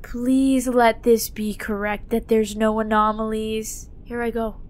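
A woman's voice: a little high, flat delivery, measured pace, slight background noise. A young woman commentating her own horror game playthrough, dramatic and jokey, shrieking when startled. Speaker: gaming YouTuber. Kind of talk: let's play commentary.

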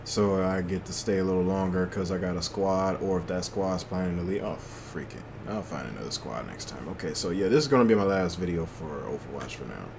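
A man's voice: low-pitched, a little fast, gravelly, hardly any pauses, noisy background. A young man giving loose, slangy commentary to himself while playing a shooter game. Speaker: gaming channel host. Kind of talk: casual gameplay commentary.

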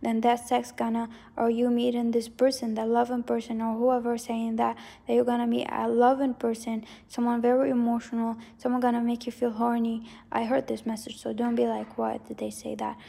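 A woman's voice: a little high, completely flat delivery, a little fast, gravelly, hardly any pauses, dark tone. A woman giving a casual psychic tarot reading, rambling and hedging as she repeats herself. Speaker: tarot reader.

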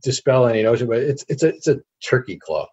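A middle-aged man, guest on an interview show, telling anecdotes in a casual, animated way. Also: medium pitch, fast talker, highs cut off, a little hiss or hum. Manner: animated anecdotes with acted quotes.

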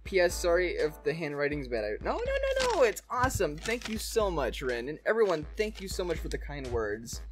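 Young male vlogger, 20s, mid pitch, very lively inflection, giggly, reading fan letters with faint music behind. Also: a little fast, hardly any pauses. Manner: expressive, laughs often, swings from excited squeals to soft, touched tones. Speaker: YouTuber opening fan mail. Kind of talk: casual fan-mail reading.

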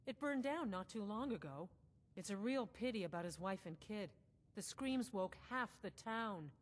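A woman's voice: medium pitch, expressive, moderate pace, natural voice. A woman voicing a folksy innkeeper in a fantasy game who passes on town gossip.

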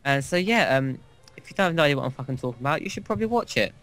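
A man's voice: mid-range voice, animated, rapid-fire, fairly bright tone. A man co-hosting a game playthrough, telling a long, crude anecdote in a rambling, casual way. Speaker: gaming co-host. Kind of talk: casual gameplay chat.

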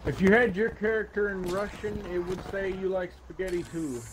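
A man's voice: high-pitched, moderate pace, slight background noise. A man playing a video game and commentating, sarcastic and ranting, swearing often. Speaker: gaming channel host. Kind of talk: casual gaming commentary.

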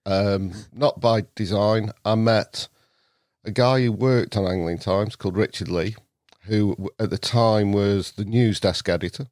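A man's voice: fairly low pitch, measured pace, dry recording. Storytelling North Staffordshire man, dry sound. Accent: North Staffordshire English. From England. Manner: animated storyteller, laughs often. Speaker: podcast guest. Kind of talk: casual chat.

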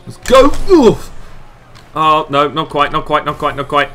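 A man commenting on his own match as a gaming channel host, excitable and self-mocking, often shouting and groaning at the game. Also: fairly high pitch, measured pace, faint music behind. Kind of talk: let's play commentary.

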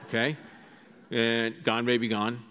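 A man telling funny stories to a live audience in a large auditorium, animated and full of asides. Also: medium pitch, a little slow, a little hiss or hum. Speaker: guest speaker. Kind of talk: comic storytelling to a live audience. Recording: reverberant hall sound.

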